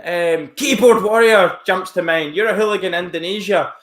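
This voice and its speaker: A man's voice: high voice, moderate pace, hardly any pauses, fairly bright tone. A man live-streaming from home, rambling casually as he reacts to chat messages and mocks a troll. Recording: roomy echo.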